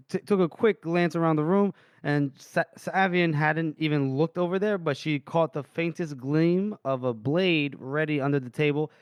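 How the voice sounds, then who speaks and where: A man co-hosting a podcast, casually retelling book chapters and quoting the characters in quick asides. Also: on the high side, clean tone, no echo. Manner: retells scenes with quick voiced quotes of characters. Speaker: podcast co-host.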